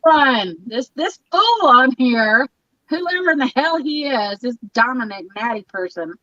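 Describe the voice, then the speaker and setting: A woman's voice: high voice, lively intonation, normal speed, pushed and bright, dry recording, lo-fi sound. A woman playing a brash, boozy male show-off. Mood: boastful. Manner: brash, rambling, crude, loses her train of thought. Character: boastful, boozy male show-off, cigar and wine. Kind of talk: live-stream comedy parody.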